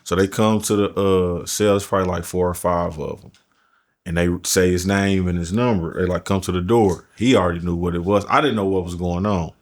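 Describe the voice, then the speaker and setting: A man's voice: deep voice, fairly even intonation, a little fast. A man telling a prison story in casual, profane street talk as a podcast guest. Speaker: podcast guest, formerly incarcerated.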